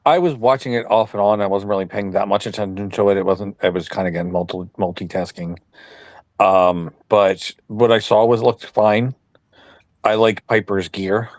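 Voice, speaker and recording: A man's voice: fairly low pitch, steady tone, normal speed, dry recording. A man co-hosting a podcast over a video call, giving blunt, offhand opinions. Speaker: podcast co-host. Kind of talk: casual chat.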